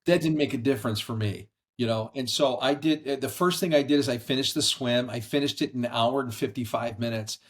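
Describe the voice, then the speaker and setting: Middle-aged man, earnest storyteller, conversational, mid-pitched voice. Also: fairly quick, few pauses. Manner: earnest, animated storyteller acting out quoted voices. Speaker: podcast guest. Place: brother-in-law's house.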